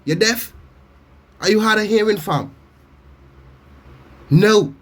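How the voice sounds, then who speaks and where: A man giving a loud, blunt comic reaction rant, swearing and mocking as he talks. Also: high-pitched, slow pace. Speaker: reaction commentator. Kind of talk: profane comedic reaction rant.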